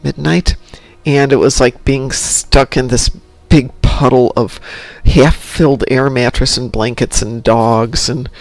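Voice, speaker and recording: A man hosting a stream, chatting casually and telling stories with animated delivery. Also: medium pitch, takes it slowly, few pauses, no room sound. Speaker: stream host. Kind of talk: casual chat.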